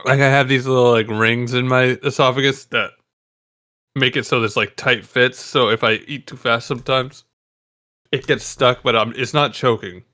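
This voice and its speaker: A man's voice: medium pitch, steady tone, moderate pace, pushed and bright. A man talking as a guest on a podcast in casual, laid-back chat, swearing now and then.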